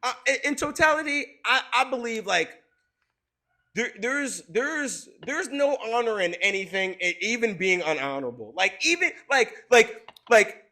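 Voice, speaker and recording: A man's voice: very high-pitched, big pitch swings, normal speed, sharp tone. A man co-hosting a casual talk show, blunt and profane, often restarting and repeating himself. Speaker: podcast co-host. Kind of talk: casual chat.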